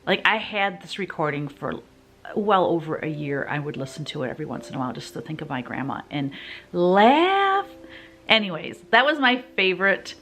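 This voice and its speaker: A woman in her fifties hosts her own vlog, chatting to the camera. Her voice sits low, and she tells her story in a loose, rambling way, full of fillers and side remarks. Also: big pitch swings, moderate pace, a bit bright. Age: 50s. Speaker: vlogger host.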